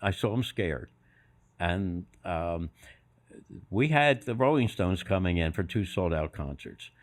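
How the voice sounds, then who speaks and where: A man's voice: low-pitched, expressive, unhurried. An older man on a podcast as a guest, telling anecdotes and acting out other people's voices in quotes. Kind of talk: storytelling anecdotes.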